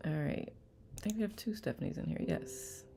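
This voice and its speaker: A woman hosting a live online study session, greeting viewers by name in a relaxed, chatty way with a calming voice. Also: sits low, a little fast, gravelly. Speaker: live-stream host of a letting-go study group. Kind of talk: casual livestream greeting chat.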